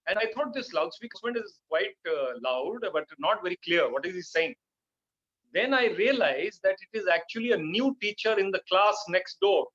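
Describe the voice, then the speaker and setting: A man teaches over a video call, and his voice sits fairly high. He stresses key words and fills his pauses with "uh". The audio is dull and lo-fi. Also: fairly bright tone. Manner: emphatic, many "uh" fillers, repeats for stress. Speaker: speaker giving a talk on public speaking. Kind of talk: online lecture with fillers.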